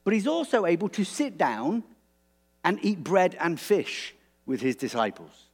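A man preaching a sermon in a relaxed, conversational way, animated and prone to restarts. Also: sits high, a little slow.

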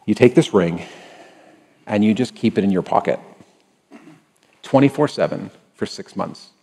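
A man preaching a sermon as a pastor, conversational and animated, acting out little dialogues, often restarting and repeating words. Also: fairly low pitch, unhurried, creaky, husky, long reverb tail.

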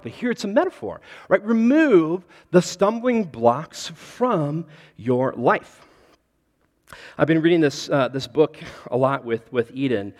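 Animated pastor preaching in a big hall. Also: male voice, fairly high pitch. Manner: conversational, animated, talks directly to the congregation. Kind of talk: sermon. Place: large hall with congregation. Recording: reverberant hall.

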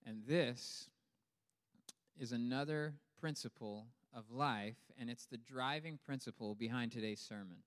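A male pastor delivering a lively sermon with humor, building up for emphasis and then dropping low and quiet. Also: a little slow. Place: church hall. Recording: long hall reverb.

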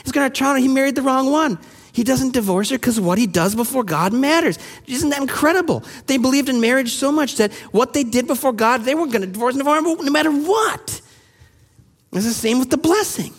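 A man preaching a sermon, reading scripture aloud and explaining it in an animated way, acting out the quoted voices. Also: very high-pitched, fairly quick. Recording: long hall reverb.

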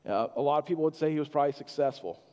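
A male pastor preaching a sermon in a halting, earnest way, full of restarts and fillers. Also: a little high, dark tone, in a large hall.

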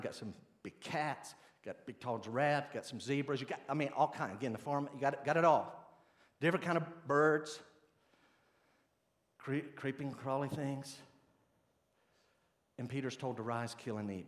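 A man preaching a sermon in a folksy, animated, conversational way. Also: medium pitch. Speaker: pastor.

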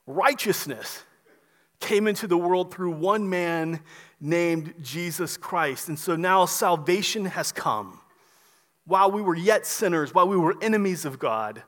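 A man preaching a sermon as pastor, emphatic and repetitive, dropping soft on key words. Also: high-pitched, animated, slow, long reverb tail.

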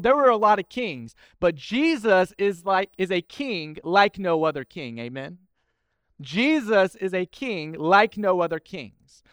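A pastor with a high voice delivers a sermon in a relaxed, conversational way, then presses his points with emphatic repetition. The recording is dry and close. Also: clear, resonant tone, no echo.

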